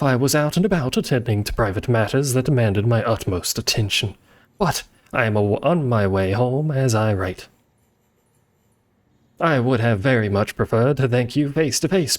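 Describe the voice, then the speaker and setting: A man reading a thank-you note as a posh, formal gentleman, in an ornate and mannered way. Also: medium pitch, lively intonation, moderate pace, lightly acted.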